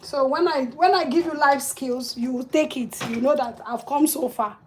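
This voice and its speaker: A woman's voice: high-pitched, moderate pace, darkish tone, a little hiss or hum. A middle-aged woman, hosting a livestream and telling a childhood family story with emotion and laughter. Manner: emotional, laughing between tender memories. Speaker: livestream host.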